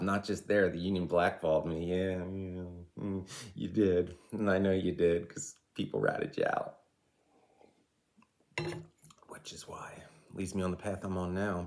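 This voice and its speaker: A man in his forties giving an impassioned, rambling rant straight to camera, with side remarks along the way. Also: deep voice. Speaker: vlogger and life coach.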